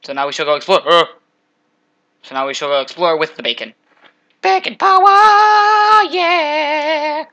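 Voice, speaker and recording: A young man giving casual, jokey commentary while playing a game, trash-talking monsters with sudden loud outbursts. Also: fairly high pitch, quick pace, pauses often, dull audio. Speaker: gameplay commentator.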